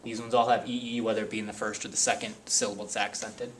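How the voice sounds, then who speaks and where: A man's voice: on the low side, flat delivery, fast, slight background noise. A man teaching a spelling lesson, explaining carefully and reading word lists one word at a time.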